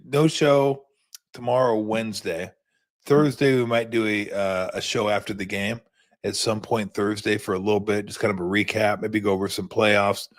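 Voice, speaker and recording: A man in his fifties hosting a sports show, telling rambling stories in a laid-back, casual postgame chat. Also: on the low side.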